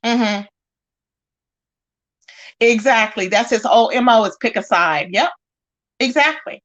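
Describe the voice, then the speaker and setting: A woman's voice: a little high, measured pace, dull audio. A woman hosting a livestream, reading chat comments and calling people out in casual commentary. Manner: animated, talks straight to chat and calls people out. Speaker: livestream host.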